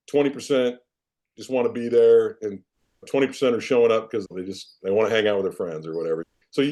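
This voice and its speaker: A man in his fifties from Iowa, a former football player and coach, telling animated, self-deprecating stories as a guest in a podcast interview. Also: fairly low pitch. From Iowa, United States. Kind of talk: casual storytelling in a podcast interview.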